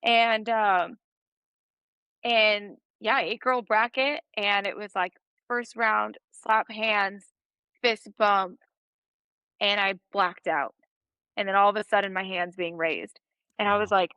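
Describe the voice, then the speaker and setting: A woman's voice: mid-range voice, fairly even intonation, unhurried, sharp tone, clean tone, dry recording. A woman in her thirties, a podcast guest, telling a story in a casual interview and laughing often.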